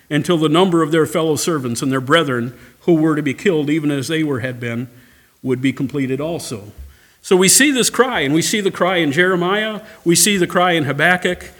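Impassioned pastor, a fairly high-voiced man. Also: fairly bright tone. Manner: impassioned, rising to cries in pleas; addresses congregation directly. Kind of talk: sermon with scripture reading.

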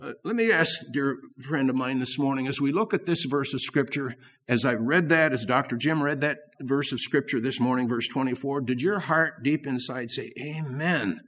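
A man preaching a sermon, earnest and repeating key phrases, swelling up and then dropping to soft asides. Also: medium pitch, normal speed. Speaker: pastor.

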